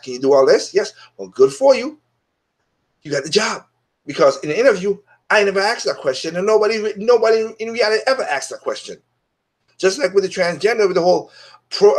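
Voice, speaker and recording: A man hosting his own opinion show, talking bluntly and dismissively in a casual monologue that is full of restarts. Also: high voice.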